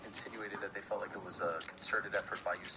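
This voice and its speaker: A man interviewing a fighter, moving things along with short, brisk prompts. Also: low-pitched, little pitch movement, creaky. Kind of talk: interview questions. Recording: interview clip with loud background noise.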